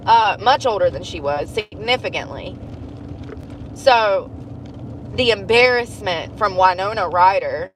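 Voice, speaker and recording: A woman's voice: medium pitch, slight background noise, rough recording. A woman chatting bluntly on a livestream, laughing often and acting out quotes from a movie. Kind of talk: casual chat.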